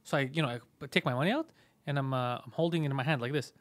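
A man hosting a comedy podcast, telling stories in a fast, profane, animated way. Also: mid-range voice, dry recording. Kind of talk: casual storytelling chat.

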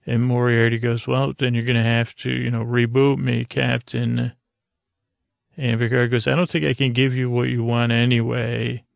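A man's voice: mid-range voice, little pitch movement, normal speed, creaky, dry recording. A man hosting a podcast, casually recapping a TV episode and loosely paraphrasing what each character says. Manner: rambling retelling, paraphrasing characters' lines. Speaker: podcast host.

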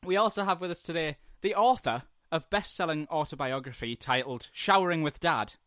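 A man's voice: a little high, a little fast, a bit bright. A young man hosting a casual comedy podcast, teasing his guests with joke introductions. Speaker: podcast host.

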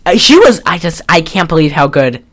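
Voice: medium pitch, sing-song, a little fast, a bit bright. A podcast co-host in a casual chat, retelling a film with lots of fillers and restarts. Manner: rambling, chatty, with many fillers and restarts.

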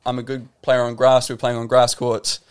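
A man's voice: mid-range voice, monotone, moderate pace, clean tone. A man in his thirties from New Zealand with a New Zealand accent, a podcast guest telling stories in a reflective, casual way. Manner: reflective storytelling, lots of "like" and restarts. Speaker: guest, professional tennis player.

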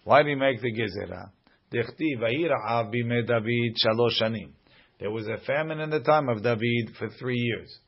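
A man's voice: medium pitch, moderate pace, vocal fry, muffled recording. A man teaching a Talmud lesson, reading each Aramaic line aloud and then translating it.

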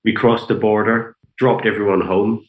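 A very deep-voiced, middle-aged man with a Northern Irish accent settles into a casual interview as a guest guitarist. He tells meandering anecdotes and acts out what others said, his talk dotted with fillers. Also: flat delivery, moderate pace, rough recording. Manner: rambling anecdotes, quoting others, many fillers.

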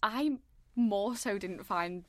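Woman, podcast co-host, mid-range voice, dry sound; chatty, animated, "like" in every line. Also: mid-range voice, takes it slowly, no room sound. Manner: animated, full of "like", acts out lines from the film. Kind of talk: casual film recap chat.

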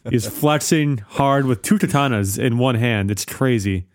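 A man co-hosting a casual soccer podcast in an easy, bantering tone, quick to laugh. He has a mid-range voice, recorded dry and close to the mic. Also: mid-range voice, dry recording. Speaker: podcast co-host.

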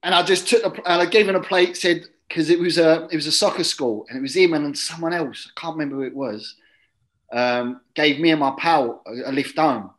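A man telling a long casual anecdote as an interview guest, chatty and drifting into quiet muttered asides. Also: fairly high pitch, fairly quick, rough recording. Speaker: guest, former footballer.

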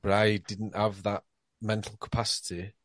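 Low-voiced podcast host. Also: male voice, level tone, moderate pace, a bit bright, dry recording, studio quality. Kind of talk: casual podcast conversation.

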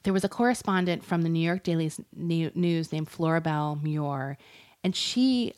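A woman's voice: low-pitched, normal speed, a little mellow. Chatty woman rambling through a story. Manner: chatty, rambling, laughs often. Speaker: podcast co-host. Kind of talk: casual true-crime chat.

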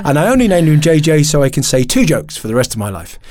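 Fast-talking man telling a personal story. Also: on the high side. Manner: animated, emotional, quick restarts and self-laughter. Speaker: podcast guest.

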